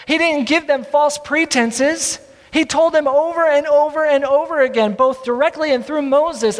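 A male pastor preaching a sermon with earnest, drawn-out emphasis and self-deprecating asides. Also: very high voice, in a large hall.

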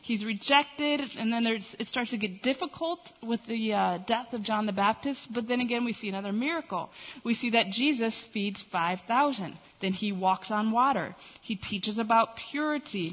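Woman Bible teacher, bright-ish voice, chatty animated delivery, recorded in a reverberant hall. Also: a little high, moderate pace, muffled recording. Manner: conversational, animated retelling with quoted voices.

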